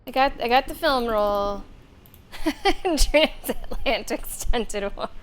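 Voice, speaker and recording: A woman's voice: fairly high pitch, slow pace. A young woman streaming a game, thinking aloud in casual, chatty commentary.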